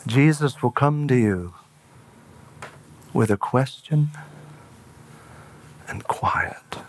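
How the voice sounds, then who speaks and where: A man preaching a sermon in an earnest way, slowing down and dropping to a hush for emphasis. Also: medium pitch, slight background noise.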